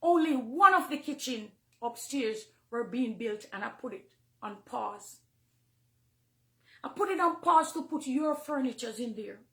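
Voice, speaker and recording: A middle-aged woman with a Jamaican accent, a minister giving an emotional, confessional testimony from the pulpit, moving between hushed and fervent. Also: on the high side, lively intonation, unhurried, roomy sound. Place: church, near the pulpit.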